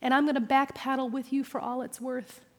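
A woman pastor preaching a sermon, personal and animated, with self-deprecating humor. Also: high-pitched, fairly quick. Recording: reverberant hall.

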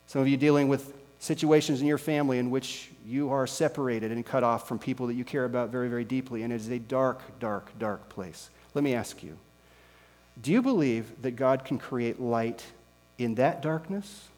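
A male pastor preaching a sermon with slow, emphatic rhetorical questions. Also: mid-range voice, darkish tone. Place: church sanctuary. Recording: long reverb with mains hum.

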